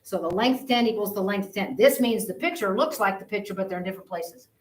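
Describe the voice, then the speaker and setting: A woman teacher lectures her math class in a loose, conversational way, circling back and repeating her points. Her voice sits at an ordinary pitch. She is picked up from across a roomy, echoing classroom. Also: fast. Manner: conversational, repeats herself while explaining. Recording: roomy classroom audio from a distance.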